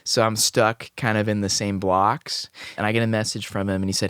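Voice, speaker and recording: A man's voice: fairly low pitch, flat delivery, brisk, few pauses, a bit bright, clear, resonant tone, dry recording, studio quality. A young man from Des Moines, a singer-songwriter guest on a podcast, telling a rambling anecdote with quoted dialogue. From Des Moines, Iowa. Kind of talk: casual storytelling interview.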